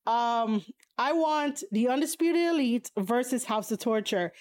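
A woman with a slightly high voice rants casually, reading out viewers' comments and firing back at them. She swears bluntly, leans on fillers and laughs often, jumping into high exclamations when something surprises her. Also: animated, measured pace, a little mellow. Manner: blunt and profane, frequent fillers. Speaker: streamer reading chat. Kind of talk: casual opinionated chat.

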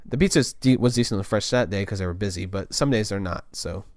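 A man's voice: lowish voice, fast, no echo, studio quality. A young man telling a casual story in a loose, rambling way, full of restarts and filler words.

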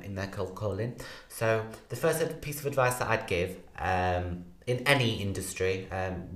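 A man, a sales associate, giving cold-calling advice with many ums. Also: lowish voice. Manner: steady, fairly confident, many ums. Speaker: senior sales development associate. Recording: roomy echo.

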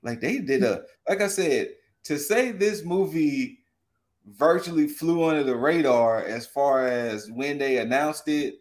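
A man's voice: a little high, lively intonation, measured pace. A man co-hosting a casual movie review chat, talking with gushing enthusiasm. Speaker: podcast co-host.

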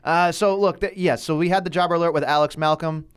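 A man's voice: fairly high pitch, fairly even intonation, fast, heavy background noise. A man co-hosting a casual wrestling podcast, blunt and exasperated, swearing constantly. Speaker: podcast co-host.

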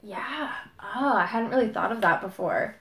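A woman's voice: mid-range voice, expressive, normal speed, a bit bright. Brief: young woman, reflective and hesitant, roomy echo. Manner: thoughtful, reflective, hesitant fillers. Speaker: podcast panelist. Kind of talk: casual chat.

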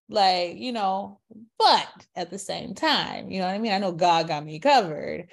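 A woman's voice: mid-range voice, normal speed, creaky. A woman giving a passionate faith testimony, calling out to her listeners and rambling through asides. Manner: preachy call-outs to listeners, animated and exclamatory; rambling with frequent fillers and asides. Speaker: Christian speaker sharing a testimony.

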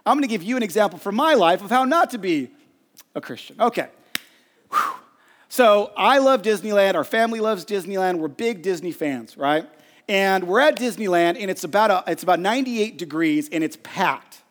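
A middle-aged male pastor preaching from a church stage, telling a self-deprecating story in an animated way. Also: high voice, moderate pace. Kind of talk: storytelling sermon. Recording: long hall reverb.

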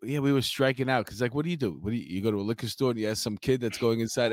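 A man's voice: mid-range voice, very fast. A man, a former police officer co-hosting a casual chat and telling stories with laughs. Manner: animated storyteller, laughs through his anecdotes.

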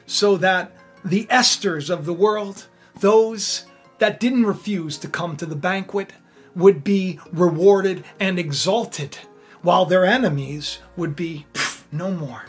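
Animated woman retelling a Bible story. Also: lowish voice, takes it slowly, husky, soft background music. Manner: lively, conversational, acts out characters.

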